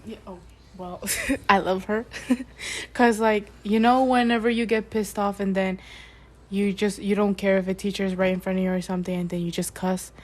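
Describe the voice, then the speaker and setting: A young woman in casual podcast chat, recalling school mischief with quick bursts of speech. She laughs and curses freely. Her voice sits at a middle pitch. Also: steady tone, a little mellow. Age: young adult. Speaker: podcast co-host.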